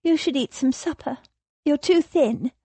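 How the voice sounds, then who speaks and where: A woman's voice: high-pitched, unhurried, dark tone, no echo, voice pushed up. A woman reading an audiobook voices a spirited young noblewoman with an eager, pressing manner.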